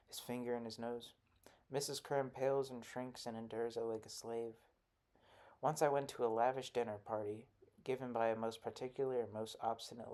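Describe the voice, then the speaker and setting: A man narrating a literary short story in a measured, even reading. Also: mid-range voice. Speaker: audiobook narrator.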